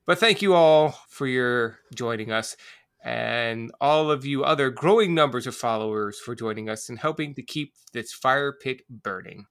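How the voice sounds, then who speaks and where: A man's voice: medium pitch, normal speed, fairly bright tone, clear, resonant tone. A man co-hosting a podcast, teasing his friends in casual chat. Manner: playful teasing. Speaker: podcast co-host.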